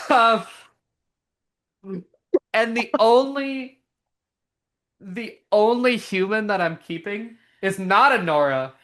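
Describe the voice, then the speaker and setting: A young woman co-hosting a podcast, chatting casually in an animated, giggly way with lots of fillers. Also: mid-range voice, slow, pauses often. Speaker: podcast co-host. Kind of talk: casual chat.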